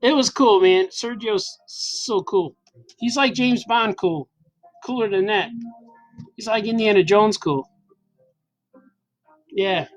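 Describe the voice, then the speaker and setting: A man's voice: high-pitched, slow pace, pauses often, faint music behind, poor audio. A man in his forties, a cartoonist, casually telling an enthusiastic, rambling anecdote with frequent laughs. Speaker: cartoonist host. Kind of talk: casual storytelling while drawing. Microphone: camera mic.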